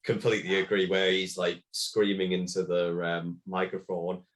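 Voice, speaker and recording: Low-ish guy rambling about music, um and like a lot. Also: flat delivery, moderate pace, a bit bright. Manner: rambling, lots of fillers. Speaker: podcast guest. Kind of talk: casual film discussion.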